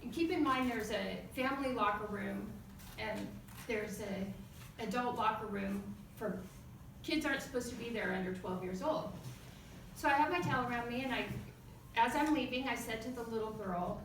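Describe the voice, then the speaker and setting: A bright, high-voiced woman from the US tells a personal story as a club speech, bursting loud when she acts out the quarrel. She is caught from far off by the mic in a strongly echoing room. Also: moderate pace, slight background noise. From United States. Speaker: club speaker. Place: meeting room.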